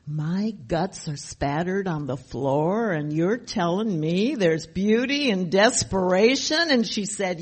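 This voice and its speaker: A woman's voice: on the low side, expressive, takes it slowly, few pauses, breathy edge. An older woman sharing her recovery story at a meeting, emphatic and repetitive, often asking rhetorical questions. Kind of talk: personal testimony at a recovery meeting.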